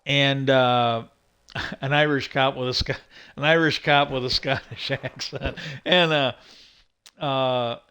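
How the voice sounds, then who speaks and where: A man's voice: medium pitch, fairly even intonation, slow, long pauses, pushed and bright, clear, resonant tone. A man hosting a livestream, casually rambling through stories with many fillers and restarts. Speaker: livestream host.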